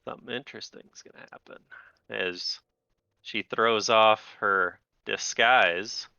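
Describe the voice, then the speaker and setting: A man narrating a tabletop game as game master, relaxed and a little hesitant, with fillers. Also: lowish voice, takes it slowly, vocal fry, clear, resonant tone, dry recording, highs cut off.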